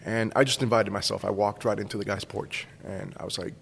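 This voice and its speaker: A man's voice: lowish voice, flat delivery, brisk, gravelly, fairly bright tone. A man in his forties, originally from Cuba, casually telling a personal story as a podcast guest. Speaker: school staff guest. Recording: long hall reverb with faint noise.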